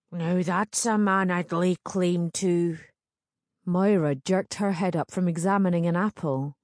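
Slow, mellow woman narrating a novel. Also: fairly low pitch, no echo, studio quality. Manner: measured, steady storytelling. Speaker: audiobook narrator. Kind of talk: scripted narration.

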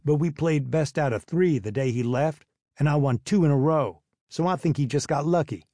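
A man's voice: a little high, normal speed, dark tone, no room sound, studio quality. A man doing an easygoing teen boy. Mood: confident. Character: helpful easygoing teenage boy.

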